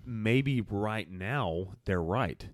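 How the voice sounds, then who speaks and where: A young man speaks in a very low voice, blunt and emphatic and quick to swear. It's a casual chat, and the recording is dry with little room sound. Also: lively intonation, no room sound.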